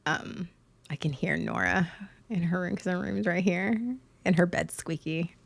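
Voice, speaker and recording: Slow-talking woman, chatty at home. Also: fairly low pitch, creaky. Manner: chatty, rambling, with many fillers and restarts. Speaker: livestream host and mother. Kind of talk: casual rambling chat to viewers.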